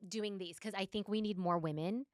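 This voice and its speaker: A woman's voice: medium pitch, no echo. A woman co-hosting a podcast, a former news anchor, chatting casually and agreeing often. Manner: agreeable, quick to back up her partner, often drops quiet. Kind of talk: casual chat.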